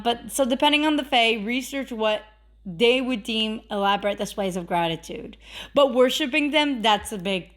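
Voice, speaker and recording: A woman hosting a casual instructional vlog, chatty, with lots of fillers and emphatic repeated warnings. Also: medium pitch. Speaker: witchcraft video host.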